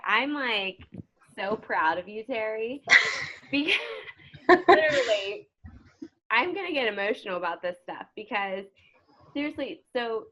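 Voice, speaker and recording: A woman's voice: mid-range voice, bright, forceful tone. A woman hosting a team call, effusive and emotional, praising a guest with many fillers. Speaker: host and team coach. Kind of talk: casual talk on a team video call. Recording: dull lo-fi call audio.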